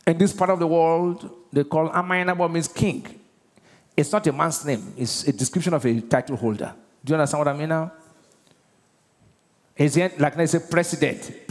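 A Nigerian man preaching a sermon as pastor, emphatic and constantly quizzing his congregation. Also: a little high. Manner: emphatic, keeps asking the congregation questions. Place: large church auditorium. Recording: long reverb of a large church hall.

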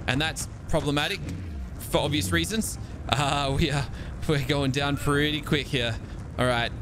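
A young man hosting a gaming channel, giving excitable live gameplay commentary and talking straight to his viewers. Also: fairly high pitch, a little slow, background noise. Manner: excitable, exclaims often, talks to viewers.

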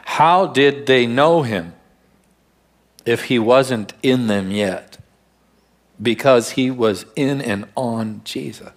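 A male pastor preaches a church sermon in a storytelling way. His voice sits at an ordinary mid pitch, and he slows right down to lean on the words that matter. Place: church service.

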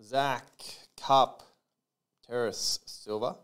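A man's voice: mid-range voice, steady tone, drawn-out words, background noise. A man hosting a live trading card break, calling out player names and serial numbers with chatty asides to his viewers.

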